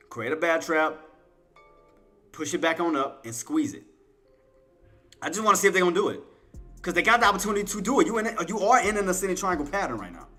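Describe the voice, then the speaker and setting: A man streaming live trading commentary, coaxing and trash-talking the chart, shifting between low muttering and loud playful outbursts. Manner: coaxes and taunts the price chart, swinging from muttering to loud outbursts; playful trash talk with laughter.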